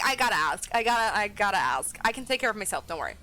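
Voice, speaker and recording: A woman's voice: medium pitch, very animated, fast, sharp tone. A woman streaming a horror game, chatting casually and thinking aloud as she plays. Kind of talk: casual let's-play commentary.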